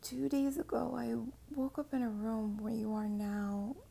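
A woman voicing a shaken young woman who reads a message quickly and unsteadily, in a whispered role-play. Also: fairly high pitch, steady tone, vocal fry, dark tone, breathy edge, exaggerated voice. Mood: shaky. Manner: hurried, shaky, whispered like reading a script.

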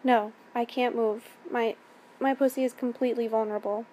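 A frightened young woman who pleads and stammers, her voice pushed higher and louder, as a woman reading the story acts her out. Her phrases break off and restart, with faint background noise under them. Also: fairly even intonation, moderate pace, natural voice. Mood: frightened pleading.

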